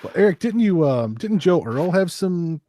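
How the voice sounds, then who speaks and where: A man's voice: high voice, big pitch swings, moderate pace, dark tone, no room sound, studio quality. A man co-hosting a commentary who asks long questions full of restarts. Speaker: co-host.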